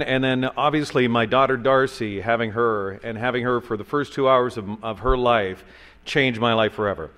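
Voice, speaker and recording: A man giving a heartfelt, halting tribute speech at a gala, pausing on fillers. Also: mid-range voice, fairly bright tone, in a large hall.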